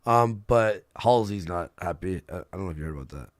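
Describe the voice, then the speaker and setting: A man hosting a casual livestream, telling stories in an animated way, swearing and acting out the people he quotes. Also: low voice, brisk, no echo, clean studio sound. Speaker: stream host.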